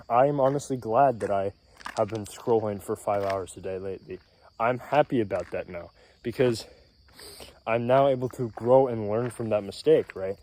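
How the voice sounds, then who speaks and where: A man vlogging outdoors in casual self-improvement talk, a little out of breath, rambling and clearing his throat, often tagging "right?". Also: lowish voice, darkish tone. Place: outdoors in nature, mosquitoes around. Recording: faint outdoor noise with insects.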